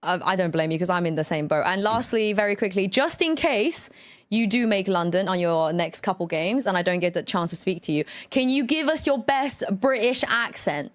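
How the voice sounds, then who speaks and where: A woman streamer interviewing a player, chatty and teasing with quick asides. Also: medium pitch, lively intonation.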